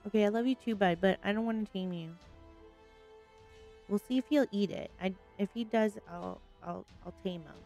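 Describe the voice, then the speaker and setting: A woman hosting a solo gaming video, chatting casually through her play with panicky, excitable outbursts. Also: medium pitch, moderate pace, faint music behind. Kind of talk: casual gameplay commentary.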